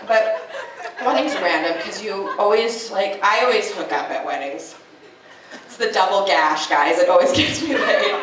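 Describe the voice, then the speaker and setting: A Canadian woman performing a stand-up comedy set on a nightclub stage, animated, quick and self-mocking. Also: mid-range voice. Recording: echoey club, distant mic, audience noise.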